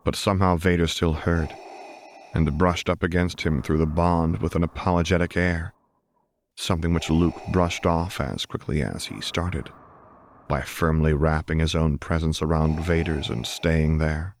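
A man reading a fan fiction audiobook in a calm, measured, soft voice. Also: rumbling low, a little hiss or hum. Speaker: narrator.

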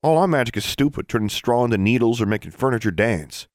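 A man's voice: medium pitch, expressive, fast, no room sound, clean studio sound, pitched above the performer's own voice, lightly acted. A man reading an audiobook voices a disgruntled young schoolboy wizard who complains. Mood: complaining.

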